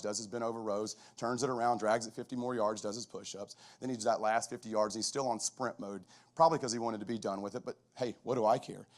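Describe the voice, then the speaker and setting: A middle-aged football coach gives a lively, conversational storytelling talk at a chapel, full of restarts. His pitch is fairly low.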